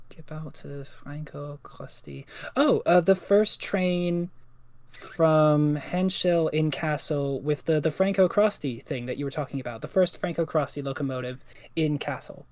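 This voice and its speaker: A man's voice: on the high side, unhurried, creaky, a little mellow, no echo. A man chatting casually on a live stream, thinking aloud and stumbling as he translates. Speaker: co-host.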